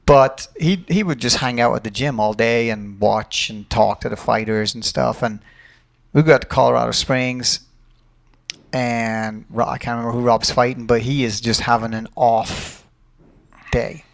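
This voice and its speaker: Gravelly man telling a fight story. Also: mid-range voice, unhurried. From Ireland. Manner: animated, profane anecdote telling. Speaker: podcast host and fight coach. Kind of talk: casual storytelling.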